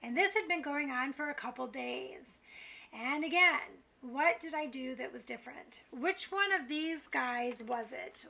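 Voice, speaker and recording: A woman's voice: sits high, moderate pace, gravelly, pushed and bright. A middle-aged woman talking candidly to camera in a confessional vlog, frustrated and self-critical as she rambles. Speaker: vlogger.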